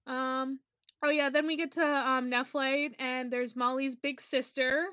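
A high-pitched woman talks in a loose, excited way about a show she loves. She gushes openly and swears without a second thought. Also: a little slow, no room sound, clean studio sound. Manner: enthusiastic, gushing, swears casually. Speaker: podcast co-host. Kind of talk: casual fan chat about an anime.

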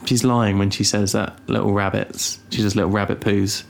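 A young man co-hosting a casual podcast, rambling and teasing with deadpan asides. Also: lowish voice, moderate pace, gravelly. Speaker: podcast co-host. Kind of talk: casual chat.

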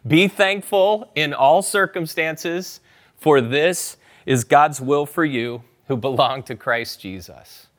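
A man's voice: fairly high pitch, a bit bright. A man preaching a sermon as pastor, talking conversationally and urging his listeners to join in and repeat scripture aloud. He is a parent. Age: adult parent.

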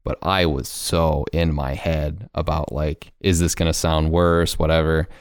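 A man in his twenties hosting a podcast, chatting casually in an animated, joking way with frequent laughs, recorded on a home microphone. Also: extremely low pitch, measured pace, no room sound, clean studio sound. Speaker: podcast host. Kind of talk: casual chat.

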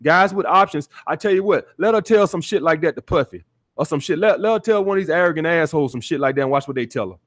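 A man hosting a call-in dating podcast, his voice sitting a little higher than most men's. He talks bluntly and profanely, lecturing his listeners and leaning on "all right" over and over. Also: animated, fast talker. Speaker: podcast host, dating coach. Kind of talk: call-in podcast advice rant.

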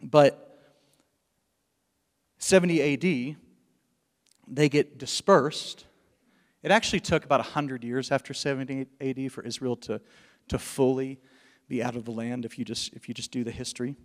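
A man preaching a sermon as pastor, with passionate bursts of loud emphasis and dips into hushed, quiet lines. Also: mid-range voice, moderate pace. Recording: long hall reverb.

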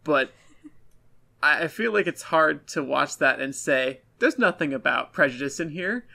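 A man's voice: on the high side, lively intonation, a little slow, gravelly, sharp tone. A man co-hosting a casual podcast, giving blunt, self-deprecating critiques of an episode. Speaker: podcast co-host. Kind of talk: casual review chat.

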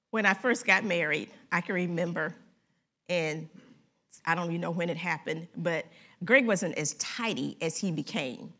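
A woman pastor preaching a sermon in an animated, conversational way, joking with and speaking directly to her congregation. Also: lowish voice, unhurried, long pauses. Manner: animated, conversational preaching with humor and audience address.

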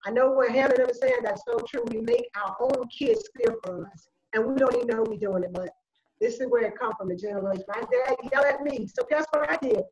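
A woman's voice: fairly high pitch, sing-song, fairly quick, a little mellow, lo-fi sound. A woman in casual group discussion, speaking animatedly and acting out exchanges with children. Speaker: panel guest sharing parenting views.

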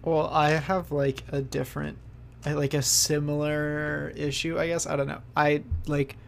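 A man's voice: a little high, flat delivery, unhurried, vocal fry, slight background noise. A young man co-hosting a casual podcast, laid-back, with short replies and dry jokes. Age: young adult. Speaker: podcast co-host. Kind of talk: casual chat.

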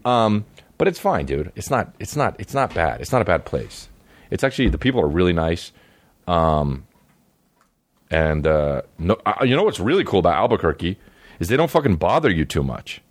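A man's voice: low-pitched, very animated, moderate pace, breathy edge, dry recording. A male comedian hosting his podcast, telling loose, profane, meandering stories full of fillers in a studio. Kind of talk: rambling casual storytelling. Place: recording studio.

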